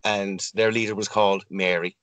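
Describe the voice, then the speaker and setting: A man co-hosting a comedy podcast, improvising absurd claims in a mock-authoritative, deadpan way. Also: lowish voice, moderate pace.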